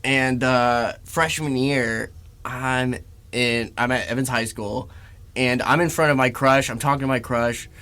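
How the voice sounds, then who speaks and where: A man in his twenties co-hosting a comedy podcast, telling stories in a casual, animated way, laughing often. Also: mid-range voice, measured pace. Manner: animated, laughs a lot, acts out other people in loud voices. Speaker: podcast co-host.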